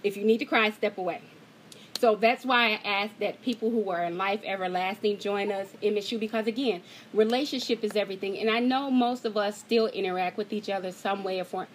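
A woman's voice: mid-range voice, fairly quick, few pauses, a little hiss or hum, poor audio. A woman hosting an online group call, talking in a heartfelt way and holding back tears. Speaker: host of an online gathering. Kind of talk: emotional casual talk to a group call.

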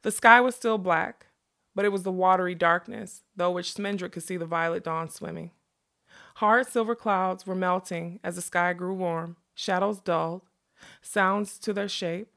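A woman narrating a fantasy novel as an audiobook, in a measured, expressive storytelling manner. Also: on the low side, gravelly.

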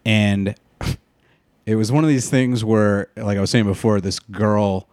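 A man in casual chat, telling stories in an animated way, swearing and laughing easily. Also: lowish voice, a little slow, no echo, clean studio sound.

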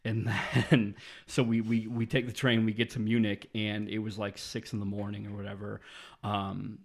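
A man's voice: lowish voice, monotone, normal speed, vocal fry. A man in his twenties telling a travel story in a rambling, casual way, full of fillers and the odd swear word.

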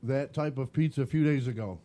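Guy cohosting a podcast, chatty, mouth full of food, regular pitch. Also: brisk, warm tone. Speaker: podcast co-host. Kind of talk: casual chat while eating on a podcast.

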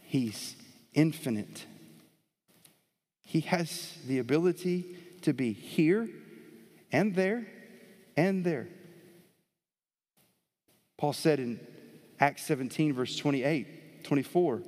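A man preaching a sermon as pastor, animated, swinging between soft and loud emphasis, in a church with a live audience. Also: a little high, slow, long pauses. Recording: long hall reverb.

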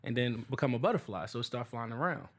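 A man's voice: medium pitch, lively intonation, fast talker, breathy edge. Casual man hosting a podcast chat. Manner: loose storytelling, laughing asides. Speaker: podcast host.

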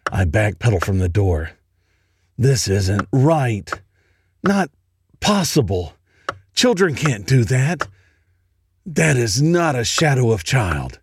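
A man reading a horror story aloud in a slow, dramatic, dread-filled way. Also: mid-range voice, sing-song, darkish tone, breathy edge, dry recording, clean studio sound. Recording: noisy home recording.

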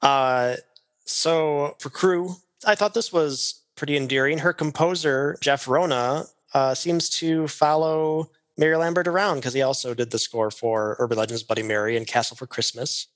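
A man co-hosting a casual movie podcast, going through his notes in a measured way with frequent "uh" fillers. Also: on the high side, fairly bright tone. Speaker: podcast co-host.

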